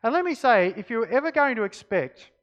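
A man delivers a sermon with a high voice. His pitch swings widely as he reads scripture and drives home each point. He often drops to quiet emphasis. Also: a little fast, highs cut off. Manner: expressive Bible reading, dropping to quiet emphasis. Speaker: preacher.

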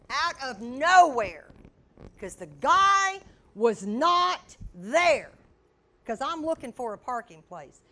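Bright-voiced woman preaching. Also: sits high. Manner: animated storytelling, acts out shouts and quotes. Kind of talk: sermon with a personal story.

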